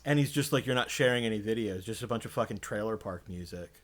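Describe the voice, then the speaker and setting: A man's voice: on the low side, fast. Man telling a story on a podcast. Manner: animated storytelling, profane, mimics others. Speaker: podcast co-host. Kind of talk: casual chat.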